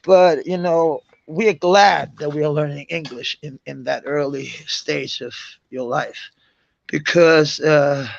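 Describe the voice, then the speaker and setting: Danish-accented man, gravelly casual chat. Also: fairly high pitch, fairly even intonation, lo-fi sound. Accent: Danish, with American tinge. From Denmark. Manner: halting, searches for English words, many fillers and restarts; swears casually. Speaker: live-stream host chatting with viewers.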